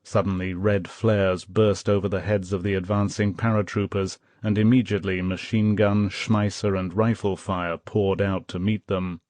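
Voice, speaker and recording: A man narrating a war history audiobook, reading dramatically and calling out the quoted shouts. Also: fairly low pitch, no echo. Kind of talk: scripted narration.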